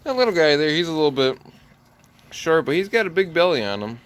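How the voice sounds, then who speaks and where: A man giving a relaxed, rambling walk-through tour of his farm barn, talking into a handheld camera. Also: on the high side, fairly quick, smooth. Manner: easygoing, rambling with many "so yeah" fillers. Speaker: farm vlogger.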